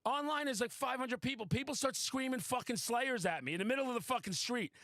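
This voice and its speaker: A high-pitched man hosts a casual podcast chat, talking in an excitable, boastful rush and swearing freely. His voice is recorded dry and close, with no room sound around it. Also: a little fast, dry recording. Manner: excitable, boastful, profane storytelling. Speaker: podcast host.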